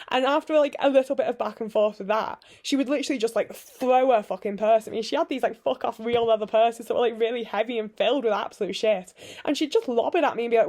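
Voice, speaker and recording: A woman's voice: a little high, fast, a little mellow. A woman in her twenties telling a personal story to camera in a candid, sweary, rambling way full of fillers. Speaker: vlogger.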